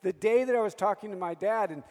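A priest in his fifties preaches with a high-sitting, darkish voice at a quick pace, and the sound suggests a big room. He shares personal stories and keeps calling out "Amen?" to the audience.

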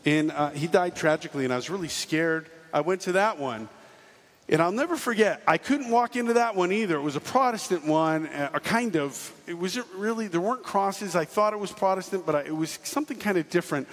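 Animated man telling stories on stage. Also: sits high, brisk. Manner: animated, jokey, acts out quotes. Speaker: speaker giving a testimony talk. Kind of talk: storytelling talk to a live audience. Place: large hall on stage. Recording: reverberant hall with faint ambience.

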